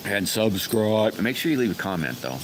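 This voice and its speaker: Deep-voiced folksy man chatting on a live stream. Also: big pitch swings, normal speed, noisy background. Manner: rambling and folksy, greeting viewers by name. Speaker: livestream host. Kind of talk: casual live-stream chat with viewers.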